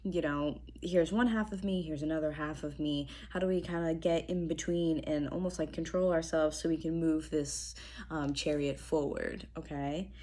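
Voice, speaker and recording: A woman's voice: low voice, moderate pace. Young woman reading tarot, throat strained. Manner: chatty, relaxed, frequent fillers and throat clearing. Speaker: tarot reader. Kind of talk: casual tarot reading to camera. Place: apartment room indoors.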